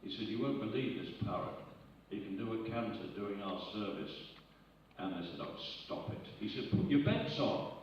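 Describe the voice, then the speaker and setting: On stage at an arts centre auditorium, a male comedian in his 80s performs live stand-up, moving briskly through anecdotes with quick asides. His voice is on the low side, caught by a distant audience recording that sounds echoey, dull and noisy.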